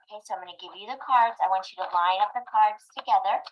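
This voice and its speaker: A woman teacher in a classroom, slowly and patiently guiding children through words. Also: mid-range voice. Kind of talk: small-group classroom instruction. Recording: muffled classroom video.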